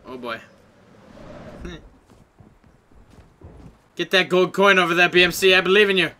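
A man giving excitable, slangy commentary over his own gameplay, laughing often and yelping when he gets caught. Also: sits high, unhurried, slight background noise. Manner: slangy, playful trash talk. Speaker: gaming YouTuber.

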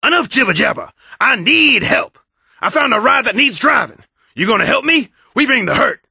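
A man voicing a big, tough bandicoot brother in a cartoon video game, gravelly and raspy, talking in clipped street slang. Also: very high-pitched, big pitch swings, moderate pace, bright, forceful tone, no room sound, studio quality, heavily acted. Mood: gruff.

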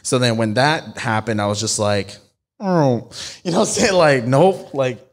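A young man co-hosting a podcast, telling a personal story in casual chat, slangy and animated, swearing and laughing as he goes. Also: medium pitch, moderate pace. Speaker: podcast co-host.

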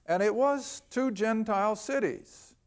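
High-voiced older man teaching the Bible. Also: smooth. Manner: folksy, conversational teaching, reads scripture aloud slowly. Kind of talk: televised Bible lesson.

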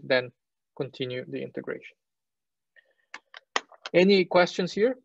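A male university lecturer explaining technical material, pausing with fillers, correcting himself and checking in with "right?". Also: a little high, vocal fry, no room sound. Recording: dull, lo-fi lecture recording.

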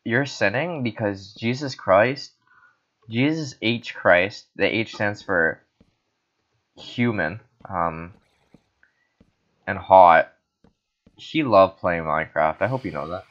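A man's voice: lowish voice, takes it slowly, pauses often, a bit bright. A man from the Philippines giving jokey, erratic gaming commentary while tipsy on wine, breaking into sudden screams. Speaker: gaming host. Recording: dull lo-fi recording.

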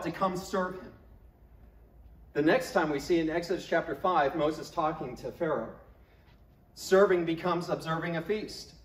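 A male pastor preaching a sermon, emphatic and acting out scripture quotes in different voices. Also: sits high. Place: church sanctuary. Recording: echoey church room.

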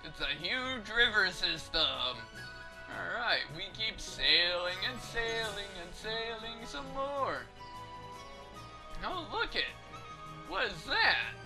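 A man giving casual, jokey commentary while playing a video game. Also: high-pitched. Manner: jokey, goofy. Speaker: let's play host.

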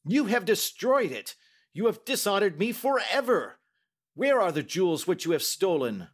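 A man's voice: sits high, big pitch swings, normal speed, husky, voice pushed up, heavily acted. A man voicing an enraged older male banker who bellows accusations at his son. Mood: furious.

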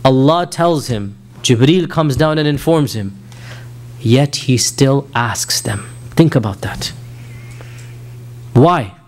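A man's voice: medium pitch, animated, slow, pauses often. A man with an American accent giving a recorded lecture, explaining earnestly and rising to emphatic rhetorical questions. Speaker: Islamic lecturer.

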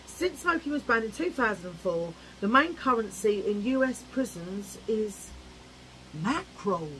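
Speaking at a measured pace with lively intonation, a woman with a medium-pitched, somewhat bright voice cheekily rants to camera. The vlog is casual and full of her chatty opinions and imitations of old-fashioned voices, though the low-quality recording has a little hiss or hum.

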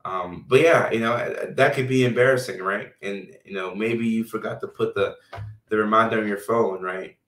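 A man hosting a casual live stream as a health care provider, reading viewer comments out loud in a loose, chatty way full of fillers. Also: fairly low pitch, normal speed. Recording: roomy sound from a distant mic.

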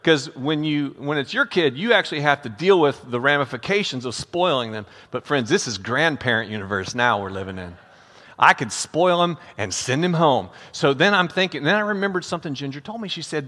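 Older man, pastor, storytelling sermon, chatty, forceful bright tone, long church reverb. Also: on the high side, expressive, a little fast. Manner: conversational, addresses listeners as friends. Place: church sanctuary.

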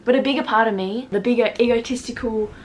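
A woman's voice: fairly high pitch, quick pace, slight background noise. A woman in her late teens telling a storytime to her camera, chatty and self-mocking, with lots of "like". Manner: reads out old messages in put-on voices. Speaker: vlogger. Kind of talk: casual storytime.

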